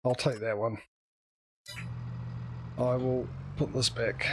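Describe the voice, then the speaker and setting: A man's voice: medium pitch, little pitch movement, takes it slowly, gravelly, music in the background. A man hosting a casual gaming livestream, rambling chattily with sarcastic asides. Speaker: livestream gamer host.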